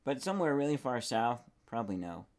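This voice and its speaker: A young man thinks out loud as he plays, wandering from one idea to the next. His voice is soft and easygoing, sits mid-range for a man, and keeps trailing off. Some clicking is heard in the background. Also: medium pitch, sing-song, fairly quick. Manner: rambling, musing aloud while playing. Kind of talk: casual gaming commentary.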